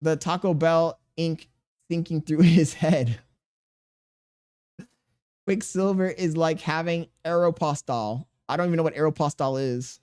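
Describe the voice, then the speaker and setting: Guy in his 30s streaming, slightly high voice, laughs a lot while roasting chat back. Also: fairly even intonation, a little slow, long pauses, a little mellow, clean tone. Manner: joking, laughing, reads chat aloud, crude banter. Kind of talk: casual live-stream chat reading.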